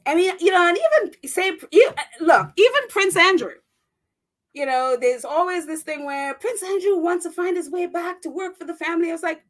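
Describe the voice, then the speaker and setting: A woman's voice: very high-pitched, normal speed. A woman hosting a casual live-stream chat, reading viewer comments aloud with indignant, exclaiming commentary. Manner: indignant, exclaiming, laughs often.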